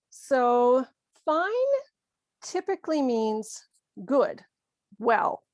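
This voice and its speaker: A woman teaching an English lesson, explaining slowly and clearly and acting out short example lines. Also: medium pitch, lively intonation, no echo, studio quality. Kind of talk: scripted ESL lesson.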